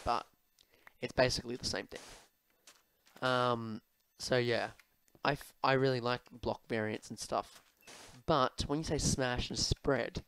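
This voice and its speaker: Creaky and fairly bright at medium pitch, this young man's voice comes through poor audio as he plays a game and talks casually. The gaming host rambles through viewer questions with ums, restarts and self-deprecating asides, his throat a bit sore.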